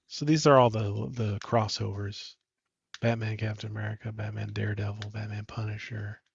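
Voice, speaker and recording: A man's voice: fairly low pitch, level tone, moderate pace, gravelly, husky, no echo. A man co-hosts a live comic stream with easy, offhand comments and frequent laughter. His voice comes through a little dull and muffled, with a dry, close sound. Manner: laughs often, offhand remarks. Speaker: co-host. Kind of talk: casual live-stream chat.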